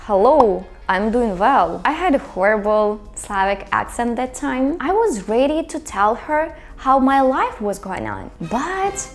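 A young woman whose first language is Ukrainian or Russian, explaining English in a clear video lesson. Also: high-pitched, very animated, a little slow, hardly any pauses, soft background music. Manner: clear, explanatory, with stressed example phrases. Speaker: English teacher.

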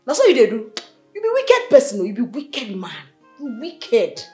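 An actress playing a brash Nigerian Pidgin wife. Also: female voice, fairly high pitch, huge pitch swings, normal speed, mellow, soft background music. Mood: scolding. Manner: teasing, brazen, mixes Pidgin into English. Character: brash defiant young wife, loud and scheming. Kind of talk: Nollywood film acting.

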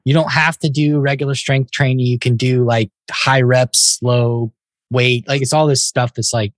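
A man's voice: mid-range voice, steady tone, normal speed, dry recording. A man hosting a podcast interview, chatting in an easygoing, agreeable way. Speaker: podcast host. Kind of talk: casual interview.

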